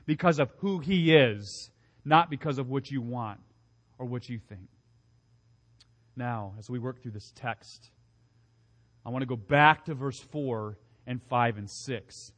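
Earnest preacher with a high voice. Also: male voice, fairly bright tone. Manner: earnest, emphatic, with rhetorical questions and repeated phrases. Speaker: pastor. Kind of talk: sermon.

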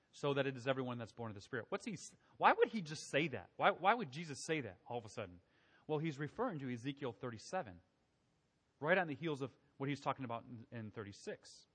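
A man's voice: mid-range voice, a bit bright. Conversational male preacher in a reverberant hall. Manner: conversational, asks the congregation questions. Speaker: pastor. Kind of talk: sermon.

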